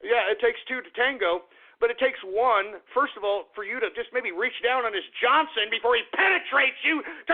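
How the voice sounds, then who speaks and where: A man's voice: extremely high pitch, moderate pace, vocal fry. A man hosting a talk radio show, ranting in a crude, repetitive monologue. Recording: tinny phone-like radio sound.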